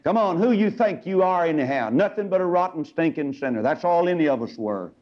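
A man preaching a fiery old-time sermon, acting out Bible characters in sudden shouts. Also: fairly high pitch, animated, brisk, highs cut off.

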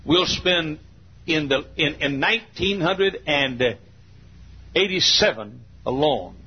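A man in his sixties preaching a sermon in church. He tells folksy stories and swells into fervent near-shouting. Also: a little high, husky. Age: 60s. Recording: dull lo-fi sermon recording.

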